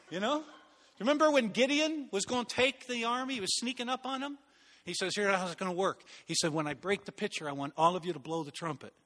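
A man preaching a sermon, telling stories in an animated way and acting out voices. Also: sits high, fast talker, big-room sound. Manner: animated, acts out voices and laughs at own stories. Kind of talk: sermon with storytelling.

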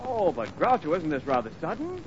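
A man's voice: a little high, huge pitch swings, a little fast, dull audio, slight background noise. A man announcing and playing straight man on a 1940s radio comedy show, with a showy announcer delivery.

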